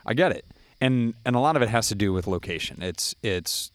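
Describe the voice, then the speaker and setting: A man co-hosts a loose conversation, voicing firm opinions in a ranting way. His voice sits a little low and the sound is dry and close. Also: lively intonation, a little fast, no room sound. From Connecticut. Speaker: podcast co-host. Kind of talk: casual chat.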